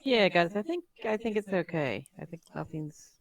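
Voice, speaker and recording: A woman playing a tabletop game, speaking in a tentative, gentle way. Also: lowish voice, expressive, normal speed, vocal fry, dry recording. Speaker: player. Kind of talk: casual tabletop play.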